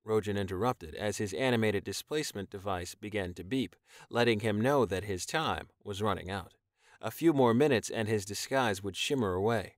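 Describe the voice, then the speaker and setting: A man narrates a novel as an audiobook in an expressive, storytelling style, reading from a script. His voice is fairly low and his pace moderate, in a dry, clean studio recording.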